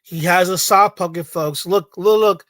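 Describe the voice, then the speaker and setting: A man co-hosts a stream with a high, bright and sharp voice, mocking what he sees with repeated exclamations. He is recorded dry and close, with no room sound. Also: normal speed, no echo. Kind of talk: casual reaction commentary.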